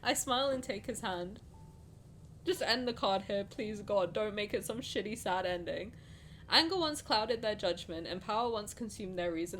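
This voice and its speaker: A woman's voice: mid-range voice, moderate pace, a bit bright, slight background noise. A woman streamer reads a game story aloud and reacts to it with effusive, emotional chatter. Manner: effusive, emotional, laughs often.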